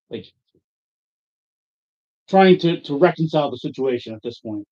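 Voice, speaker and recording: Husky man telling a profane story. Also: medium pitch, a little fast, long pauses. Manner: animated, profane, acts out his own quoted outbursts. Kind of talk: casual storytelling among friends. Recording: dull lo-fi audio.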